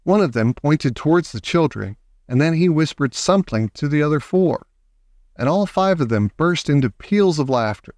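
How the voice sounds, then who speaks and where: A man reading a children's story aloud in a lively, expressive way. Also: on the high side, normal speed, no room sound. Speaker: audiobook reader.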